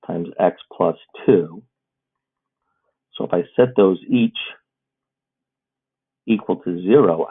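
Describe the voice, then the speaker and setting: In this recorded math lesson, a man with a deep, husky voice solves problems one step at a time. His explaining is steady, and the sound is muffled and phone-like.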